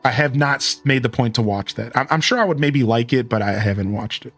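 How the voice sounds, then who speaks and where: With a medium-pitched voice at a slightly fast clip, a thirtysomething man from Ohio talks casually to his stream viewers over faint music. His Ohio accent is clear, and he rambles animatedly, often backtracking to correct himself.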